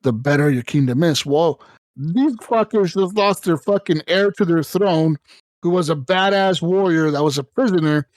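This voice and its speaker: A man co-hosting a casual gaming podcast, telling stories in an animated, profane way with sudden jumps up in pitch. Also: moderate pace, dry recording. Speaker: podcast co-host.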